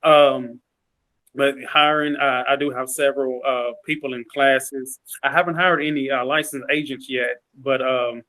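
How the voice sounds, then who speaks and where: A man's voice: medium pitch, steady tone, measured pace, sharp tone, rough recording. A man being interviewed on a team call, humble and determined, with hesitant fillers. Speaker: sales agent, interview guest. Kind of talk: casual conversational interview. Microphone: call audio.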